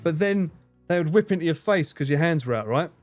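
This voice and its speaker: Lively, jokey male streamer. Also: a little high, a little fast, faint music behind. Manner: jokey, animated, swears freely. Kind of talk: casual live-stream chat while gaming.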